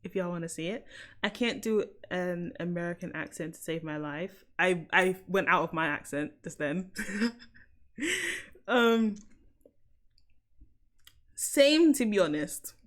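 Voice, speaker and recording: A woman's voice: on the low side, lively intonation, measured pace, long pauses. A young woman with an English accent chatting playfully on a live stream, often laughing and repeating herself. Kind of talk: casual live-stream chat.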